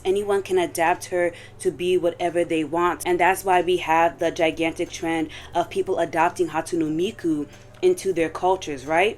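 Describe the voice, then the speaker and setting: A young adult woman recapping a story in casual chat, animated and slangy, with lots of fillers. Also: fairly low pitch. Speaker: video creator.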